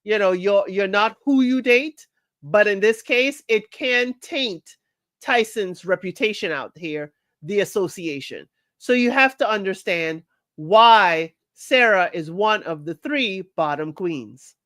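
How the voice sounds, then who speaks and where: A woman's voice: mid-range voice, lively intonation, slow pace, fairly bright tone, no room sound, clean studio sound. A woman hosting a casual recap show. She talks straight to her listeners in a chatty, opinionated way. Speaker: podcast host recapping a reality show.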